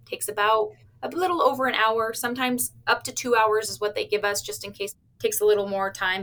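On the high side with fairly even intonation, this woman speaks fairly quickly, with few pauses and a fairly bright tone. She works with cardiac stress tests and answers interview questions plainly and upbeatly, with small laughs and playful patient quotes.

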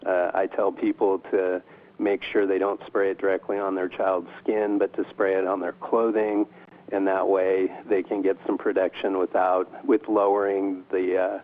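A man's voice: low voice, little pitch movement, normal speed. A man speaking as a doctor guest in an interview, hesitant with many ums and restarts. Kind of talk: interview over the phone. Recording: tinny phone line.

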